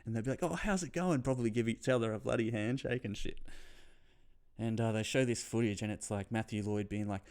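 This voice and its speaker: A young adult man with an Australian accent talks footy in a loose solo vlog. His voice sits a little low. He rambles, swears a lot and trails off when he loses his thread. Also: level tone, a little fast, darkish tone, clear, resonant tone. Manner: rambling and heavily profane, loses his train of thought. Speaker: footy tipping vlogger. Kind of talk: casual solo commentary.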